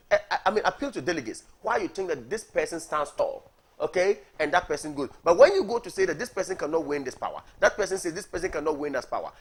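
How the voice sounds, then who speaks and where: A man's voice: high-pitched, fairly bright tone, slightly rough. A man, a party coordinator arguing emphatically as a guest in a TV studio, repeating words for stress. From Ghana. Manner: emphatic, repeats words, asks "are you getting me". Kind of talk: heated political debate on morning TV.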